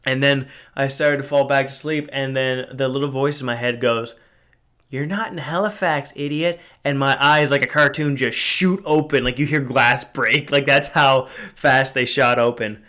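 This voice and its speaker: A man's voice: mid-range voice, little pitch movement, moderate pace, few pauses, sharp tone. A man in his twenties hosting a podcast, telling a story in a casual, rambling way, with frequent swearing, fillers and restarts. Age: 20s. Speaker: podcast host.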